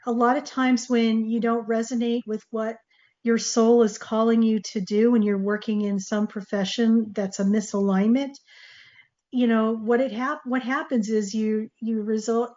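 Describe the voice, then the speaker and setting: A woman's voice: fairly high pitch, a little mellow. A woman hosting her own talk show, speaking earnestly with restarts and fillers, coughing and losing her voice. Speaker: show host. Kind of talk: solo talk show monologue. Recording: dull lo-fi sound.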